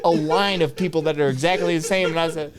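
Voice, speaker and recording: A man's voice: on the high side, steady tone, fast, over a noisy crowd. A man in his twenties, a former Marine guest on a podcast, telling comedic stories and laughing often as he goes. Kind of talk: comedic storytelling.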